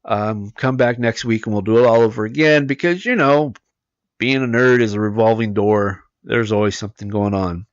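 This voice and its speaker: A male podcast host with a tiring voice reads an article aloud in halting phrases, then signs off casually. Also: fairly low pitch, no echo, muffled recording. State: voice getting worn out.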